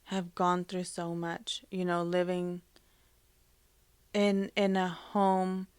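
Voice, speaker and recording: A woman podcast host telling personal family stories in a soft, reflective way, pausing often with fillers. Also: lowish voice, completely flat delivery, smooth, no echo. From Hispanic family, Spanish-speaking mother. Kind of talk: personal storytelling.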